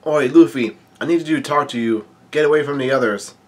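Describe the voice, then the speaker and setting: An urgent, commanding male caller, put on by a man reading a comic aloud, a little higher and clearly louder than the reader's usual talk. He snaps out orders. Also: a little fast, close to an everyday voice.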